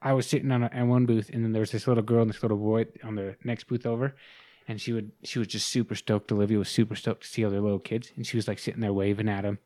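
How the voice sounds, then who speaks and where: A man's voice: on the low side, flat delivery, fast, dark tone. Young man swearing through casual stories. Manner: profane, rambling storytelling. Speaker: podcast guest. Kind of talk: casual podcast chat.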